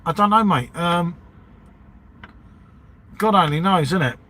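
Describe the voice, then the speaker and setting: Rambling bloke saying mate. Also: male voice, high voice, lively intonation, a little slow, pushed and bright. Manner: matey, rambling, says "mate" and "innit" constantly. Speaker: livestream host chatting with viewers. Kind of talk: casual live-stream chat.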